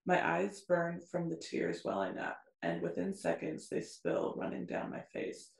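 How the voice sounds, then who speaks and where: A woman co-hosting a podcast, reading intense passages of a novel aloud at a steady pace and breaking off for quick asides. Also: lowish voice, gravelly, reverberant. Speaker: podcast co-host.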